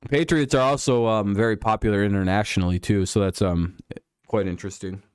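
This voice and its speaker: A man's voice: on the low side, fairly even intonation, brisk, clear, resonant tone, no echo, studio quality. A man hosting a casual live stream, riffing sarcastically and swearing freely. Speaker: podcast host.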